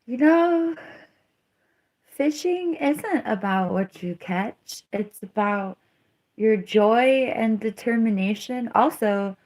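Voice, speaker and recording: A woman chats on her livestream in a slow, easygoing drawl. She rambles through a story, laughs often, and stops to answer her viewers' comments. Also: on the high side, animated, darkish tone. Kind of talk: casual livestream chat.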